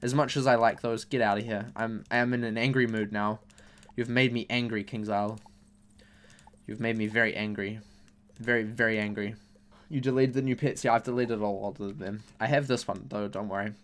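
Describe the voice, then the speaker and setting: Opening game packs, this young gaming YouTuber keeps up a casual commentary, griping about his bad luck in exasperated bursts, repeating himself with mock anger. He speaks fairly quickly in a fairly low, steady voice.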